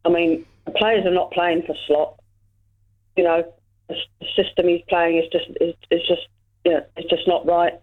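A woman's voice: fairly low pitch, little pitch movement, normal speed. A woman calling in to chat about football, hesitant and full of fillers. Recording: tinny phone line.

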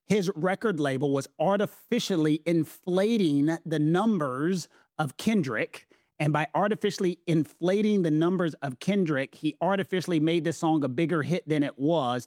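A man as a podcast guest explaining a legal case in an earnest, measured way. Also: fairly high pitch, dry recording, studio quality. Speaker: podcast guest, constitutional law commentator. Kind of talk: explanatory conversation.

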